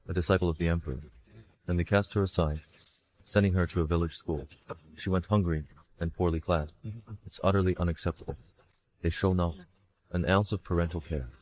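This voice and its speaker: A man's voice: deep voice, a little mellow, dry recording. A man voicing a solemn court official who passes emphatic, judgmental remarks in a dubbed period drama.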